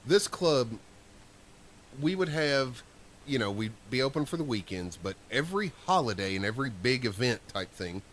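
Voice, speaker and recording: A man's voice: medium pitch, moderate pace, a little hiss or hum. A man co-hosting a podcast, telling stories in loose, profane casual chat. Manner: animated, acts out voices in his stories. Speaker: podcast co-host.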